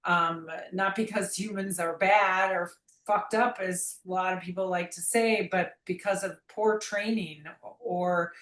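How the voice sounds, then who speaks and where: In a reflective interview, a woman talks about her memoir with a steady, fairly bright, low-leaning voice at a measured pace, rambling earnestly and restarting sentences often. The sound is roomy and the recording rough.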